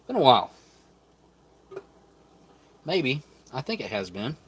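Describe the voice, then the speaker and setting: A man's voice: lowish voice, sing-song, normal speed, pauses often, a little hiss or hum. A man hosting a live stream, chatting casually as he opens packaging and tastes food, thinking aloud and sometimes talking with his mouth full. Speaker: channel host reviewing rations.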